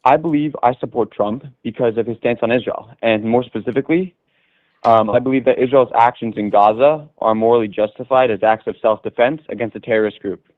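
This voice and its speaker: A young man in his late teens calling in, speaking quickly and reciting prepared points. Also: medium pitch, no echo. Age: young adult. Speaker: caller. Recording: tinny dry phone line.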